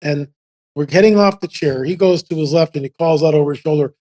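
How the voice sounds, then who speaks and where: Older man telling rambling, animated stories. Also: on the high side, fairly quick. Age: 70s. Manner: animated, rambling anecdotes with restarts. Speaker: podcast guest. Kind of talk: casual storytelling.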